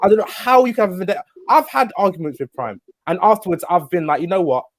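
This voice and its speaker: A man's voice: high-pitched, very animated. A young man of nineteen on a livestream panel, speaking indignantly with frequent restarts. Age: young adult. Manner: quick, indignant, full of restarts. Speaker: panel guest.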